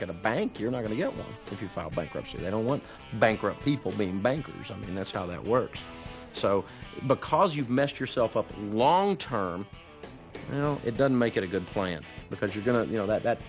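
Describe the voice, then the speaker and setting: A middle-aged man acting as a financial advisor, calmly and steadily explaining an answer. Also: on the low side.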